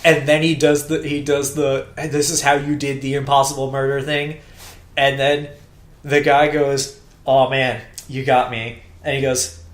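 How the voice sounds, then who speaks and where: A man's voice: mid-range voice, little pitch movement, unhurried. Casual male co-host, rambling recap, plays out quotes, roomy echo. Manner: rambling, restarts often, acts out quotes. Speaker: podcast co-host.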